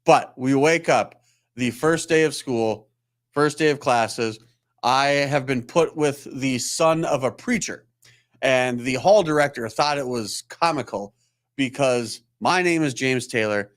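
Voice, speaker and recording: A man's voice: medium pitch, unhurried. Rambling, joking man telling stories. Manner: rambling, self-deprecating, acts out quoted voices. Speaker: chiropractor hosting a weekly live Q&A. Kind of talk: casual storytelling monologue.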